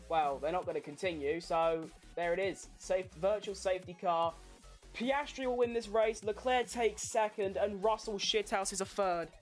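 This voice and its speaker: A woman commentating a race watchalong live, sweary and excitable. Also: mid-range voice. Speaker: streamer hosting a race watchalong.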